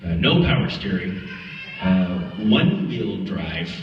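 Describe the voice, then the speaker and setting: A man telling lively anecdotes at a film Q&A, acting out voices and laughing often. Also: low voice, slow pace, faint music behind. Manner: animated storyteller, acts out quotes, laughs often. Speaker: actor answering audience questions. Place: festival screening hall. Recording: echoey hall from far off, dull audio.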